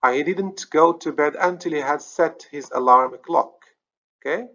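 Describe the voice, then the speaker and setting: A man's voice: on the high side, a little slow, a bit bright. Moroccan man teaching grammar, lo-fi. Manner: explains step by step, checks understanding with "okay?", corrects himself. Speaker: English teacher. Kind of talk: recorded grammar lesson.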